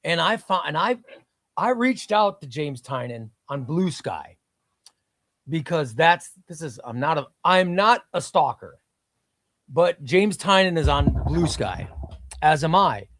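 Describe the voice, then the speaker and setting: A man with a slightly high voice talks into a close, dry mic on a live stream. He is enthusiastic and chatty and keeps repeating his words. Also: sing-song, unhurried, a bit bright, no room sound. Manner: enthusiastic, repeats himself, reads chat aloud. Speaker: comic book live stream host. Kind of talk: casual live stream chat.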